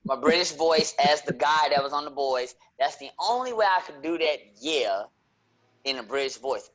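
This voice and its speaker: A man hosting a casual nerd-culture podcast, talking animatedly and leaping into excited high notes. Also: normal speed. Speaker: podcast host.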